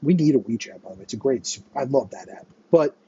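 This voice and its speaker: Husky, agitated man in his thirties ranting. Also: medium pitch, expressive, fast, mellow, muffled recording. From United States. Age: 30s. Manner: agitated, profane and repetitive. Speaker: channel host. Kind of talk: ranting monologue to camera.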